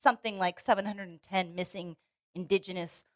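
A woman's voice: on the low side, fairly even intonation, fairly quick, no echo. A woman co-hosting a casual podcast chat, earnest and opinionated, restarting her sentences often. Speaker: podcast co-host. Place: Los Angeles.

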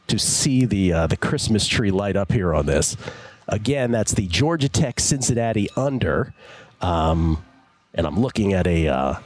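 A man hosting a sports betting show, talking casually and slowly repeating numbers for his listeners. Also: lowish voice, darkish tone. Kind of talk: casual radio show talk. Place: broadcast studio at a casino bar.

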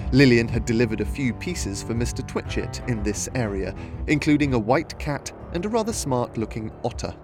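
A man reading a storybook aloud as narrator, in a steady, even manner. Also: medium pitch.

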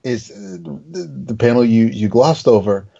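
A man speaks slowly in a husky, mellow voice. His lowish pitch still moves a lot as he makes measured points in a podcast chat. The recording is dull and lo-fi. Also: expressive. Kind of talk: casual chat.

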